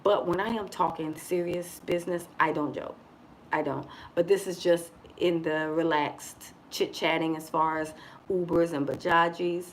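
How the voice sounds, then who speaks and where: A woman from the United States chatting casually on a livestream from abroad, expressive and joking, calling her viewers y'all. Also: fairly low pitch, normal speed, a little hiss or hum, rough recording. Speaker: vlogger living abroad. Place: indoors in Dar es Salaam.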